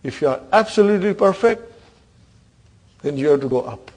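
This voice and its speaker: A man's voice: on the high side, lively intonation, normal speed, a little mellow. A man teaching an Arabic grammar class, quizzing his students and checking in with a "huh?" between points. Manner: questioning students, frequent "huh?" and laughs.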